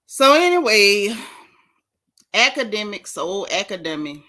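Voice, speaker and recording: A woman's voice: on the high side, expressive, measured pace, sharp tone. A woman hosting a gossip show as a casual livestream, dramatic and theatrical, talking straight to her chat viewers. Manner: talks directly to chat viewers.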